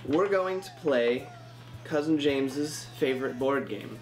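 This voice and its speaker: A man's voice: medium pitch, unhurried, over music, close to an everyday voice. A man playing a wry heir who narrates and sets his cousin a series of challenges in a dry, matter-of-fact way. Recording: noisy film soundtrack.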